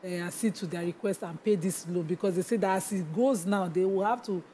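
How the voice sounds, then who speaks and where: Nigerian female TV co-host, dark mellow tone, chatty with fillers. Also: lowish voice, fairly quick, slight background noise, low-quality recording. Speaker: morning show co-host. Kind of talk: breakfast TV news chat.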